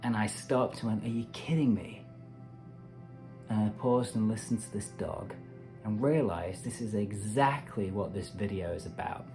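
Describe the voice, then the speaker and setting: A man's voice: fairly low pitch, normal speed, darkish tone, soft background music. A man hosting a meditation channel, talking casually and animatedly to camera with playful asides. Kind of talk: casual self-help talk to camera.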